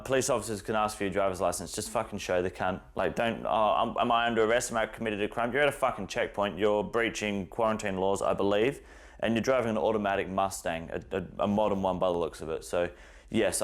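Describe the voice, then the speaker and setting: A man's voice: low-pitched, brisk. A man giving a profane, exasperated reaction commentary, ranting at a video he is watching.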